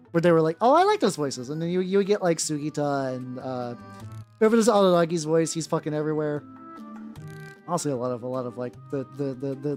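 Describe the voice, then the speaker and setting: A woman's voice: sits low, darkish tone. A young adult woman streaming as a VTuber, chatting casually while she paints miniatures, rambling with lots of "like" and free swearing. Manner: rambling, swears freely, heavy on fillers like "like". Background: faint background music.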